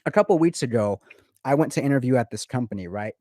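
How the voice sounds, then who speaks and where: A man in casual chat, telling a story in an animated way, full of swearing and repeated words. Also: medium pitch, fast, dry recording, studio quality. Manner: animated, profane, repeats himself. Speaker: guest in a recorded conversation. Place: lives in Florida.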